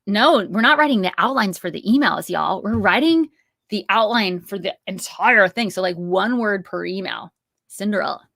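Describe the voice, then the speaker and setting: A woman's voice: mid-range voice, vocal fry, a bit bright, no echo, studio quality. A woman in her thirties hosting an online course, teaching in a chatty, upbeat way with many asides and fillers. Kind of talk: live-streamed teaching with Q&A.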